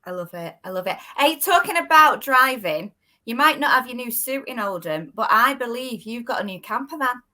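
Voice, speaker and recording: A woman hosting a chat, with a bright, lively voice that swoops up and down. She is bubbly and enthusiastic, fond of a laugh. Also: fairly high pitch, moderate pace. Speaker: host. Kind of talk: casual interview.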